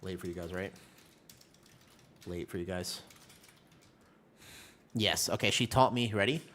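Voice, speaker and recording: A man chatting casually with his viewers while streaming a game, telling stories in an animated way. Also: sits low, unhurried.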